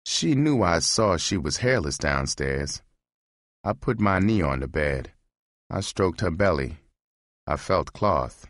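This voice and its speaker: A man narrating a novel as an audiobook reading, in a measured, steady way. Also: deep voice, dry recording, studio quality.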